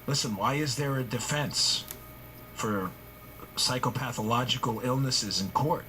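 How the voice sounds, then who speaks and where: A man in his forties hosting a talk show, building a heated monologue out of repeated rhetorical questions. His voice is bright and forceful, sitting at a middle pitch. A faint low rumble of noise runs underneath. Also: unhurried. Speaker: political talk show host. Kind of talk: heated political commentary monologue.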